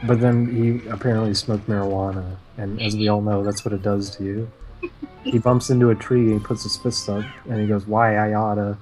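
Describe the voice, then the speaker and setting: A man co-hosting a casual podcast, recapping cartoon plots in a sarcastic, deadpan way. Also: on the low side, brisk, soft background music, rough recording. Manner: sarcastic, deadpan recounting of plot. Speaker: podcast co-host.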